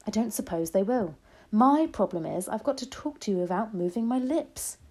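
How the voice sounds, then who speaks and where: A woman voicing a calm, loving old grandmother who speaks in a soft whisper, in a storybook reading. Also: medium pitch, normal speed, husky. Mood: hushed. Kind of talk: storybook read-aloud.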